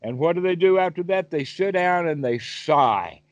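A man's voice: on the high side, expressive, moderate pace, no echo. A man teaching meditation over a call, asking his listener questions and giving vivid everyday examples. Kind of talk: Dhamma talk on a call.

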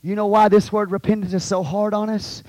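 A man preaching a fiery sermon as pastor of his church, swinging from hushed asides to shouts. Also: high voice, level tone, a little fast, no room sound. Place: church sanctuary.

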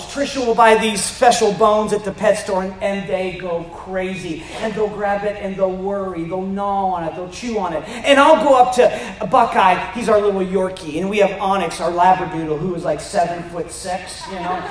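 A man in his fifties preaching a sermon as a pastor, animated, with joking asides and rising to emphatic shouts. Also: high voice, normal speed, hardly any pauses, a little hiss or hum. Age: 50s. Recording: roomy echo.

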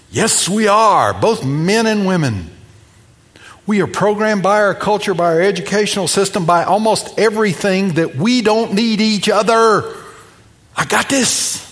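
High-voiced preacher in a reverberant hall. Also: male voice, a little slow. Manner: animated storytelling, acting out the people in the passage. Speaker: pastor. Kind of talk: sermon.

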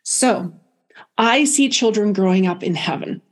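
A woman medium telling a personal story in a soft, reflective way, with many pauses and restarts. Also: mid-range voice, lively intonation. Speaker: guest medium.

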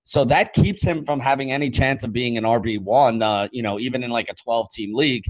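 A man's voice: mid-range voice, a little fast, no room sound, poor audio. A man co-hosting a casual fantasy sports podcast, breaking down rankings with a few hesitations. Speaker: podcast co-host.

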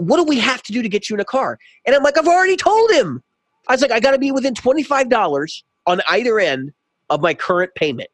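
A man's voice: on the high side, a bit bright, dry recording. A man co-hosting a podcast who tells a long story in casual chat and acts out both sides of a heated exchange. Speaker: podcast co-host.

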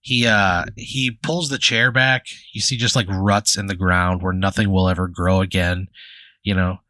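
A man narrates an improvised tabletop game as its game master, loose and chatty and full of "like" and "you know." His voice is fairly low and bright, with a forceful edge. It is recorded dry and close. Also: little pitch movement, moderate pace, dry recording.

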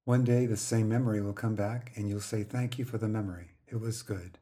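A man reading as a soft, firm woman friend. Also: on the low side, fairly even intonation, brisk, natural voice. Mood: gentle, firm. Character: calm, patient woman friend giving firm advice.

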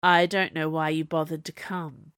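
A woman's voice: low voice, dry recording, studio quality, pitched below the performer's own voice, exaggerated voice. A woman voicing a bored, enchanted young prince who speaks in a deadened, icy tone. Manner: flat deadened tone, icy and slow.

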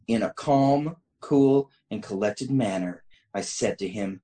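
A man's voice: mid-range voice, animated, slow pace, dark tone. A man hosting a casual talk show, reading a funny story aloud and often breaking into laughter. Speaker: host reading a listener story.

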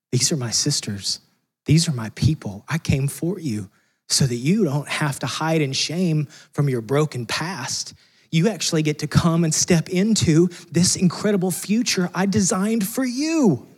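A man preaching a sermon in a conversational, earnest way, swinging from loud emphasis to soft, hushed lines. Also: on the high side, husky. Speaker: pastor.

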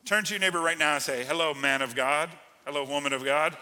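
A man preaching a sermon as pastor, energetic and full of call-and-response to the congregation. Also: on the high side, fast, hardly any pauses, big-room sound. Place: church sanctuary.

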